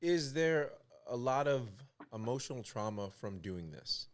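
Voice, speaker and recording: A man's voice: medium pitch, animated, unhurried. A man co-hosting a podcast, talking casually and rambling with many restarts. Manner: rambling, repeats himself, restarts. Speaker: podcast co-host.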